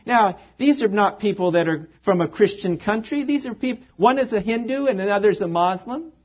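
A man's voice: high-pitched, expressive, normal speed. A man preaching an earnest sermon in a church, repeating phrases for emphasis. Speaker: pastor. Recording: dull lo-fi recording.

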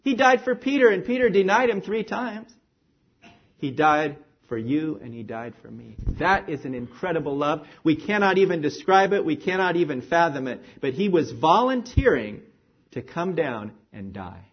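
A male preacher delivers a sermon in a husky, rather high voice that leaps and falls with lively emphasis. He swings from ringing declarations down to hushed near-whispers. The recording is dull and lo-fi. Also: normal speed. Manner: animated, rising and falling emphasis, drops to near-whisper.

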